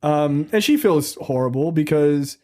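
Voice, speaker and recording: A man's voice: on the high side, animated, unhurried, dark tone. A man with a slightly raised voice talks loosely and crudely on a podcast, cracking jokes and slipping into acted-out quotes. He rambles with fillers and laughs at his own bits. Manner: profane, joking, acts out quotes. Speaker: podcast co-host reviewing a film. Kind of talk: casual comedic chat.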